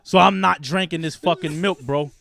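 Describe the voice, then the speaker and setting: A man's voice: a little high, fairly even intonation, normal speed, creaky, fairly bright tone. A young man, hosting a podcast and telling a wild, profane story, acting out the voices of other people. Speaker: podcast host. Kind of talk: casual storytelling.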